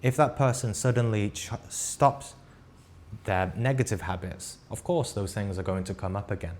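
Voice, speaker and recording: Male spiritual teacher, slightly low voice, earnest and halting as he tells a story to a live class. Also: a little mellow. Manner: unhurried and earnest, often checks in with "right?"; talks in short halting phrases with frequent restarts. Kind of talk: live class lecture, recounting an experience.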